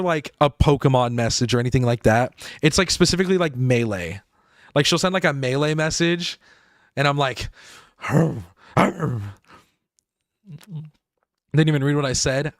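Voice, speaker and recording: A man's voice: a little high, fairly bright tone, no echo, clean studio sound. A man streaming a game live, rambling and laughing as he talks to his chat.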